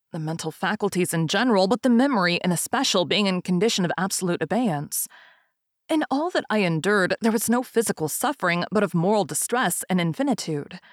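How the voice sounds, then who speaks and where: A woman reads a gothic tale aloud in a slow, grave, measured way. Her voice sits at a middle pitch. The sound is dry and close, with no echo. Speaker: reader. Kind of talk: dramatic reading of a gothic tale.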